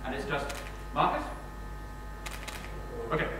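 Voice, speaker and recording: A man's voice: medium pitch, big pitch swings, takes it slowly. A man with an English accent giving a live talk to an audience, joking about himself and quizzing the crowd. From England. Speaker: guest speaker. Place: lecture hall with an audience. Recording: very echoey hall, distant mic, noisy.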